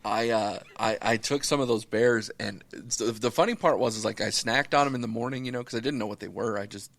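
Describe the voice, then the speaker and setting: A man's voice: fairly low pitch, a little fast, gravelly, no room sound. A middle-aged man tells a crude story on a podcast and keeps breaking into laughter, swearing as he goes. The recording is dry and close, with almost no room sound. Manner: profane, laughing, animated storytelling. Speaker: podcast co-host.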